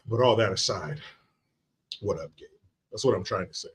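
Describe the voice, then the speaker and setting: A man hosting a loose livestream who chats straight to his viewers, greeting them by name. His talk is animated and salted with swearing. His voice sounds bright and forceful. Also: lowish voice, moderate pace, husky. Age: adult father of young children. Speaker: livestream host. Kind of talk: casual livestream chat, reading viewer comments.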